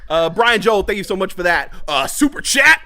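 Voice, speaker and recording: A man hosting a live stream in casual chat, rambling and animated, swearing freely. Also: high voice, a little fast. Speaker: host.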